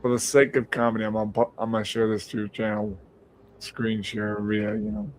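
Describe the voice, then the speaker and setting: Man telling an animated story. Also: fairly quick, slight background noise. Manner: animated, acts out quotes in a high mocking voice, swears freely. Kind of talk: casual storytelling chat. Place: home. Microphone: streaming call.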